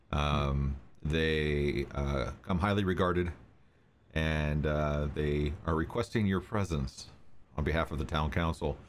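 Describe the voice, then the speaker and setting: A man voicing a polite, formal male character who makes introductions in a measured way, with filler pauses. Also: extremely low pitch, a little hiss or hum.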